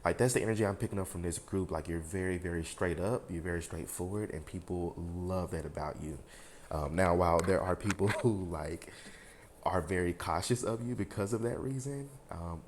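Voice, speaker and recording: A man with a very deep voice gives a casual tarot reading to his viewers. He rambles, leans on fillers and talks frankly, with a bit of swearing. A faint hiss sits under the recording. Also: moderate pace, a little mellow. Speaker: tarot reader.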